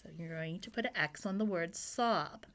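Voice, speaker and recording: A woman's voice: fairly low pitch, normal speed, a bit bright. A woman teacher giving a phonics lesson to young children. She sounds out letters and words patiently and asks the children questions. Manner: speaks to the children, asking questions and prompting answers.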